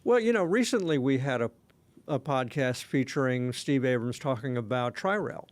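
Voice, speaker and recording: A man's voice: medium pitch, animated, moderate pace, dry recording. A man co-hosting a casual podcast chat, rambling along with lots of fillers and restarts. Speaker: podcast co-host.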